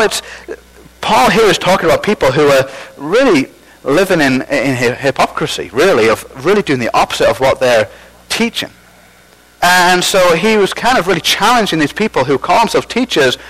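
A man's voice: on the high side, lively intonation, normal speed, a bit bright, rough recording. A man preaching a sermon as pastor, conversational and self-deprecating, with false starts.

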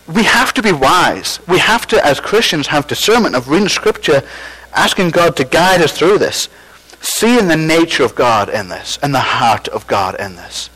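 A man's voice: fairly high pitch, a bit bright, rough recording. A man preaching a sermon as pastor, conversational and self-deprecating, with false starts.

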